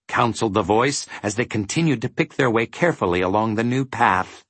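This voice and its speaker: A man narrating a storybook with an expressive reading. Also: fairly low pitch, moderate pace, hardly any pauses, husky, no room sound.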